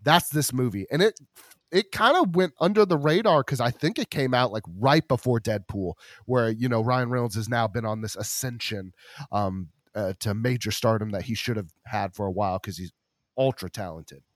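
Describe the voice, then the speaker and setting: A man's voice: mid-range voice, normal speed, no room sound, studio quality. A man hosting a podcast, chatting enthusiastically and rambling with many restarts. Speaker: podcast host. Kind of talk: casual chat.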